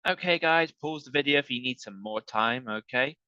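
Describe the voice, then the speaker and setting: A man teaches an online English lesson slowly and patiently, working through examples and repeatedly checking in with "okay." His medium-pitched voice is bright, forceful and clean, with no room sound, though the highs are cut off.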